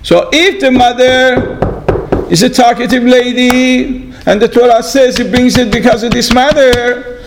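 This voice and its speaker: A man teaching a Torah class, halting with fillers and asking his listeners rhetorical questions. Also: very high voice, steady tone, creaky, background noise. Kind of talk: class lesson on scripture.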